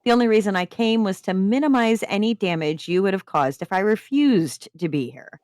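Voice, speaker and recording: A woman's voice: mid-range voice, animated, a little fast, darkish tone, no echo, voice pushed up, lightly acted. Woman reading as a sarcastic rebellious daughter. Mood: defiant. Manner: mock-innocent, smirking.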